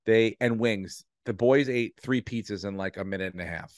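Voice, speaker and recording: A middle-aged man, a podcast co-host, telling a long animated story in casual chat, swearing freely and acting out the voices of people in it. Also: on the low side, moderate pace, no room sound, clean studio sound.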